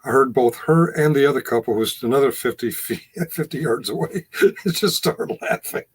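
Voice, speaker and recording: A man's voice: mid-range voice, animated, moderate pace, husky. Man laughing through a candid anecdote. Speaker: host. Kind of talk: casual chat.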